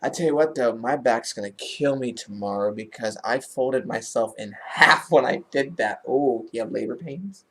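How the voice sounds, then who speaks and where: A woman vlogger telling a story in a casual, animated way and laughing as she talks. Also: a bass voice, moderate pace, hardly any pauses.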